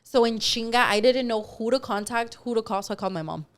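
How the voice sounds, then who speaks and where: A young woman co-hosting a podcast, telling a personal story in an animated, casual way and swearing freely. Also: fairly high pitch, fast talker, slight background noise. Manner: animated, swears freely, acts out quoted dialogue. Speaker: podcast co-host.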